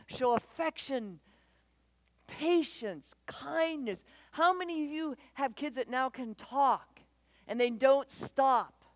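A woman giving a conversational church talk on parenting, animated and quick to act out voices, often asking the audience questions. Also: sits high, no echo. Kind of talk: conversational sermon.

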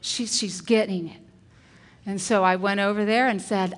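A woman's voice: medium pitch, moderate pace. Woman teacher giving a parenting talk. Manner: acts out calm, firm example phrases.

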